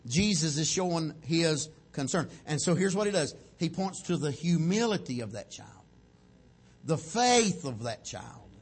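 Husky-voiced preacher, lively pitch. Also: male voice, normal speed. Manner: animated preaching, acts out the prayers in a raised voice. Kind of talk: sermon.

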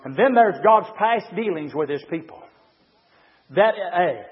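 A man preaching a fiery sermon, swinging from low murmurs to shouted climaxes and reading passages aloud to comment on them. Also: animated, a little slow, husky. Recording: reverberant hall, muffled lo-fi sound.

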